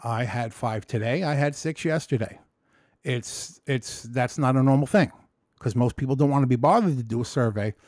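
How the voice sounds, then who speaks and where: A man in a candid personal vlog who tells his story with emotion and rambles through many restarts and swear words. He swings between excited storytelling and low, quiet reflection. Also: normal speed, no echo, studio quality. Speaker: vlogger.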